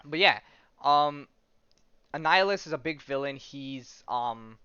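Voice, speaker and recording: Man, podcast host, casual rambling chat, smooth voice, dull dry recording. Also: fairly high pitch, expressive, a little slow, sharp tone, no echo. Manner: rambling, many fillers and restarts.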